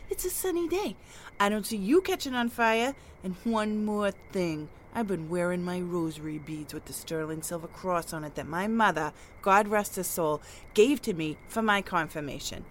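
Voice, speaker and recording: A woman playing a brash, hot-tempered neighborhood gossip in a comedic audio drama, loud and blustering. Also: on the low side, normal speed, slight background noise, lightly acted. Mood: ranting. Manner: loud, blustering, lively delivery with chuckles.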